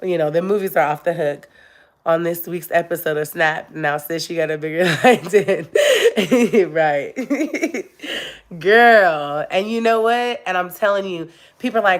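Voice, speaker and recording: A woman's voice: on the low side, lively intonation, measured pace. A young woman chatting casually on a live stream with her viewers, emotional and laughing often as she talks to them directly. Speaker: YouTube vlogger.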